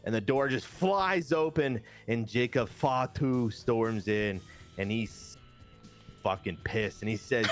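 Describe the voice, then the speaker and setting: A man telling the story of a wrestling video game in casual, animated commentary with crude jokes. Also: medium pitch, slow, faint music behind.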